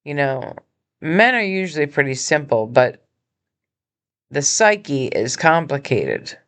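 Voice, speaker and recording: A woman hosting her own podcast, speaking from a hospital room in an earnest, halting personal appeal, emotional and injured. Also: low-pitched, very animated, fairly bright tone. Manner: earnest, halting, with many pauses and restarts. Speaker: podcast host and nonprofit founder.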